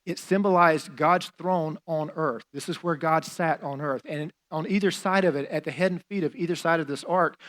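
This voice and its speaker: A man preaching a sermon as a pastor, in a conversational style with fillers and casual asides. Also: a little high.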